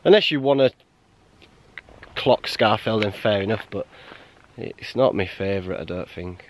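A man chatting casually while hiking a mountain trail, blunt and quick to laugh. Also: fairly low pitch, slight background noise. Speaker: hiker vlogger. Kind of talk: casual outdoor vlog chat.

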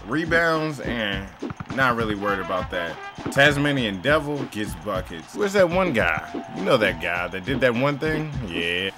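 A young man hosting casual gameplay commentary, excitable and swearing, often mocking himself. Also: lowish voice, unhurried, over music. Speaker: gaming channel host.

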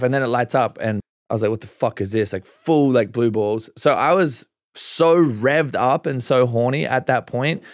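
A man's voice: mid-range voice, no echo, clean studio sound. A young man, a podcast guest, telling stories in casual chat with lots of swearing and acted-out quotes. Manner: animated storytelling, swearing, acting out quotes.

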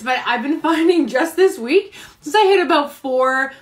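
A woman's voice: high voice, lively intonation, normal speed. Bubbly, chatty young woman. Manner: bubbly, chatty, laughs often. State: a little out of breath. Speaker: vlogger. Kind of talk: casual live-stream chat. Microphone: phone camera.

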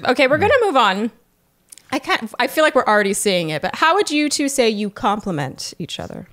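A woman's voice: fairly high pitch, big pitch swings, brisk, fairly bright tone. A woman hosting a podcast interview, talking in an effusive, complimentary way. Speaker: podcast host.

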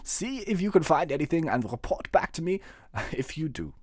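A man putting on a guard captain with a comic German accent, pitched up from his own voice. He sounds stiff and mock-formal, with a dry close sound. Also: very animated, moderate pace, a little mellow, dry recording.

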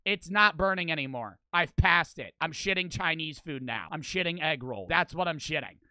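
Crude, animated young man with bright tone. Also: fairly high pitch, normal speed, clean tone, dry recording. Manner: animated, crude, swears constantly, repeats lines for effect. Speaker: streamer. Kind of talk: casual storytelling to camera.

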